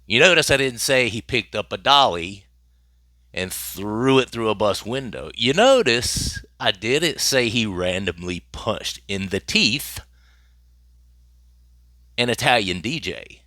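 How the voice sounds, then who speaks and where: A man's voice: on the low side, animated, slow pace, sharp tone, dry recording, clean studio sound. A man hosting his own channel, commenting on celebrity news in a casual, emphatic way and repeating phrases for effect.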